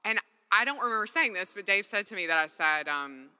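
A woman's mid-range voice comes across animated and brisk, sharp yet clear and resonant, as she delivers a personal testimony on stage at a faith gathering. The talk is heartfelt and conversational with frequent "like" fillers, echoing with long reverb in a large hall.

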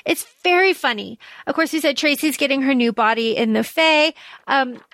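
A woman co-hosting a podcast, chatting casually about a story with lots of fillers and lively retelling. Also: high voice, moderate pace, dry recording. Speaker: podcast co-host. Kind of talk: casual book discussion.

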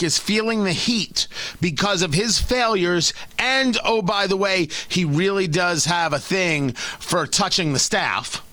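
A man from New Jersey hosting a talk radio show, with sarcastic, animated commentary. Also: high voice, no echo.

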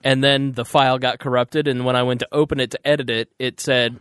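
A man's voice: mid-range voice, flat delivery, fairly quick, fairly bright tone, clean tone, no echo, clean studio sound. A man hosting a casual political podcast, chatting in a joking, self-deprecating way. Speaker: podcast host and producer.

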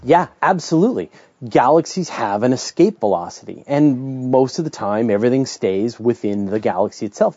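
A man's voice: medium pitch, warm tone, no echo, lo-fi sound. A middle-aged Canadian man hosting a question-and-answer podcast, explaining science in a casual, chatty way with restarts and asides. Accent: Canadian English.

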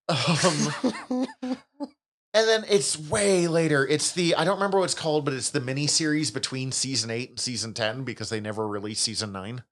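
A man co-hosting a casual podcast, animated and laughing often, with casual swearing. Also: on the high side, moderate pace. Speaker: podcast co-host.

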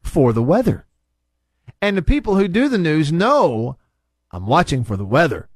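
A man hosting a radio show, ranting and bantering in a casual, animated way from the studio. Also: normal speed, no room sound. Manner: animated, rants with big pitch jumps.

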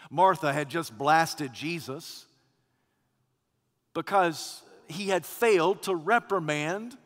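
A man with a high voice delivers a sermon, moving from loud passages to near-hushed ones. His words ring out with a long reverb that fills the church hall. The delivery is dramatic and storytelling. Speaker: pastor. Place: church sanctuary.

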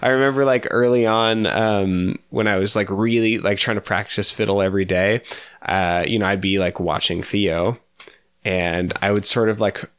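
Podcast co-host, male, easygoing and halting, dry close-mic sound. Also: on the low side, steady tone, a bit bright, clear, resonant tone, dry recording. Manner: laid-back, chuckling, halting with fillers. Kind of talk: casual chat.

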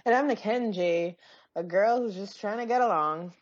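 A woman's voice: medium pitch, normal speed, dry recording, highs cut off. A woman co-hosting a podcast, asking playful, quizzical questions in casual chat. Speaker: podcast co-host.

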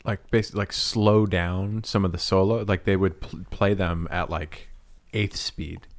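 A man's voice: sits low, steady tone, measured pace. A man in casual podcast chat, asking curious questions. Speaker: podcast co-host.

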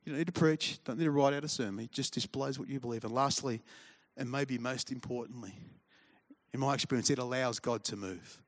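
A man's voice: medium pitch, fairly quick. A man, preaching a conversational sermon full of storytelling asides and humor. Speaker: pastor.

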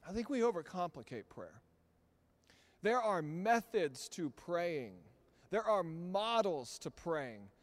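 A man, a pastor, preaching a sermon in a church, moving between hushed storytelling and loud, emphatic peaks. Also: sits high, sing-song, slow. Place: church sanctuary.

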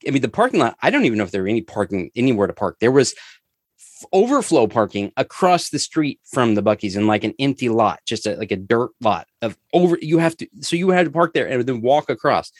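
A man's voice: mid-range voice, sing-song, quick pace, dry recording, clean studio sound. A man co-hosting a podcast, telling a long rambling story in casual chat and laughing as he goes. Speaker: podcast co-host.

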